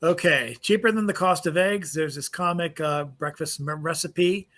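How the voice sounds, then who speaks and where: A man's voice: on the high side, moderate pace, fairly bright tone. A man co-hosting a casual podcast chat, joking and rambling with frequent restarts and fillers. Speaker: podcast co-host.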